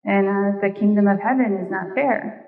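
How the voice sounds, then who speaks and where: A woman's voice: mid-range voice, fairly even intonation, normal speed. A middle-aged woman teaching a sermon in a chatty way, joking with her listeners between points. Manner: conversational, playful asides to the audience. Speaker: Bible teacher. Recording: distant, dull, long hall reverb.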